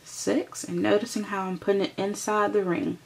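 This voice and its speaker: A woman's voice: medium pitch, level tone, normal speed, gravelly. A woman hosting a crochet tutorial, patiently explaining each step and counting stitches aloud as she works.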